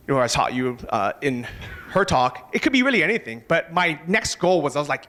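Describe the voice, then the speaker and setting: Guy giving a talk on a conference stage, kinda high voice, laid-back and energetic, drops a swear here and there. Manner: casual, energetic, swears now and then. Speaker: conference speaker.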